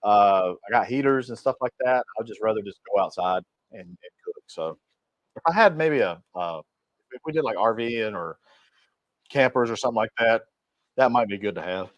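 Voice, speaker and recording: A man with a fairly low voice chats casually on a livestream, reading out viewer comments and answering each in a rambling, friendly way. The sound is dry and a little muffled, like stream audio. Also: lively intonation, moderate pace, no echo. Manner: reads viewer comments aloud and answers them; rambling and friendly, with frequent restarts. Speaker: cooking channel host.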